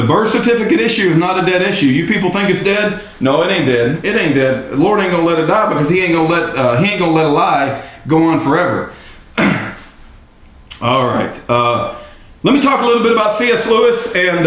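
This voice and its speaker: A man delivering an angry, rambling monologue to camera, often shouting. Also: high-pitched. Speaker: political video blogger. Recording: very echoey room.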